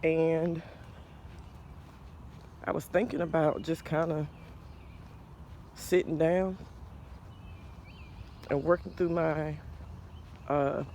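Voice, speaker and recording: Gravelly and a bit darker in tone, this slightly high-voiced man in his forties hosts a podcast about faith and mental health, speaking slowly and earnestly with pauses and restarts. He sounds slightly out of breath, with faint background noise.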